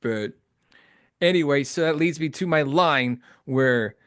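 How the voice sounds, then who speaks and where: A man hosting a casual podcast chat, excitable, laughing often and quoting lines. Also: a little high, a little slow, dry recording, clean studio sound. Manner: excitable, laughs often, quotes the film in character. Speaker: podcast host.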